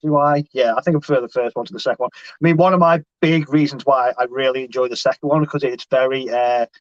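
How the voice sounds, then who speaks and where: A man's voice: medium pitch, fairly even intonation, fast, no echo. Male guest, hesitant chatter, dry lo-fi call sound. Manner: hesitant, thinking aloud with many restarts. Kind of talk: casual chat. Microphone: video call. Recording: dry, dull lo-fi call audio.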